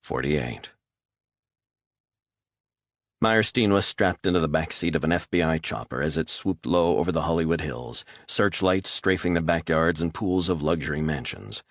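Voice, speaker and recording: A man reading a thriller audiobook as narrator, steady and measured. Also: a bass voice, no room sound, studio quality. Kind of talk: scripted narration.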